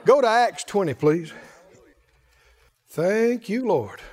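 A male pastor preaching a sermon in an emphatic call-and-response style, shouting some refrains. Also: high voice, animated, slow pace.

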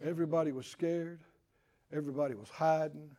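A man preaching a sermon, animated and acting out Bible figures with chuckles. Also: fairly high pitch, brisk.

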